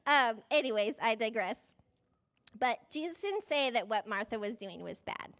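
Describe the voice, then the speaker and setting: A woman's voice: fairly high pitch, lively intonation, normal speed, a bit bright. A woman pastor giving a conversational sermon, chatty and self-deprecating, often saying "like" and laughing mid-sentence.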